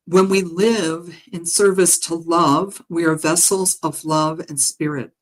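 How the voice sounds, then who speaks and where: A woman who works as a spiritual healer, passing on meditation messages in a gentle, halting way with frequent pauses and fillers. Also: fairly low pitch, rough recording. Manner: gentle, halting, with frequent ums and soft laughs. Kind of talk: guided meditation message reading. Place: home live stream.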